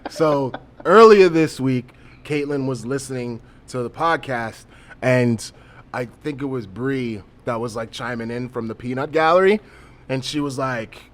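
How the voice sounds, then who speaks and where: A man's voice: medium pitch, measured pace. A man hosting a casual podcast, joking around and swearing freely as he tells stories. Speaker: podcast host.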